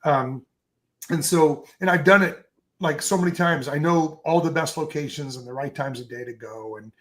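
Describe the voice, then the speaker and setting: A man's voice: fairly high pitch, normal speed, a bit bright. A man chatting as a photographer guest in an interview, telling long enthusiastic stories with lots of fillers and restarts. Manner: enthusiastic, rambling storyteller with many fillers. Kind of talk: casual interview chat.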